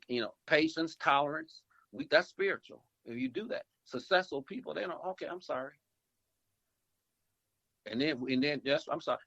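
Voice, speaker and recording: Gravelly-voiced businessman on a dull phone line. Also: on the high side, sharp tone, no room sound. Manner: rambling, repeats and restarts, acts out phone calls. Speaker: insurance agency owner and investor. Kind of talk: phone interview, advice talk.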